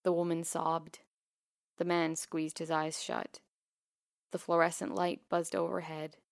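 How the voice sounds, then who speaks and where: Low, gravelly woman reading a memoir. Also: little pitch movement, dry recording, studio quality. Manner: quiet, measured, intimate. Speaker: narrator. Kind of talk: first-person memoir reading.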